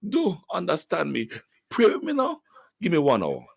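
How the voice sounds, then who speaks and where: A solemn, pleading Jesus speaking in Jamaican patois, put on by a man on a radio talk show. The voice sits higher than the speaker's own and swings widely between words. It is dry and close, like a studio microphone. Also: wildly swooping pitch, moderate pace, vocal fry, dry recording, heavily acted.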